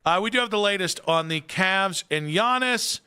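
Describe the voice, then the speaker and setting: A man hosting sports talk radio in a studio, his voice bright and a touch high. He teases his co-host and tells stories in an animated, playful way. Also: normal speed, clear, resonant tone. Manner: playful teasing, animated storytelling. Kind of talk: casual radio banter.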